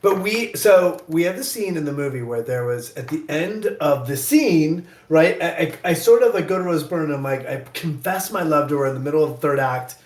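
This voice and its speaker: A man from the American Midwest telling a rambling, self-deprecating story in casual chat, getting animated when he quotes himself. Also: on the high side, a little fast, hardly any pauses, echoey room. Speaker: guest actor.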